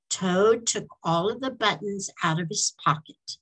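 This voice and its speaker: A woman storyteller reading a children's book aloud in a slow, expressive way. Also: medium pitch, slightly rough, low-quality recording.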